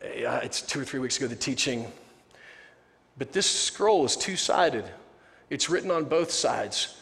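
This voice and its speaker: A man's voice: medium pitch, animated, unhurried, gravelly, fairly bright tone, in a large hall. A male pastor giving a sermon in a conversational, joking way, often restarting his sentences.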